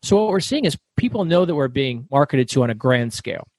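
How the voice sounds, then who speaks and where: A middle-aged man telling stories as a guest author in an interview, talking fast and loud. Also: mid-range voice, no echo. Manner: fast, loud, animated storyteller. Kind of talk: storytelling interview.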